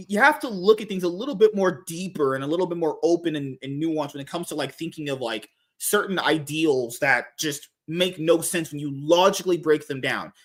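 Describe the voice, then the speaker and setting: A young man hosting a podcast, ranting in a loud, profane, casual way. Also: fairly high pitch. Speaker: podcast host.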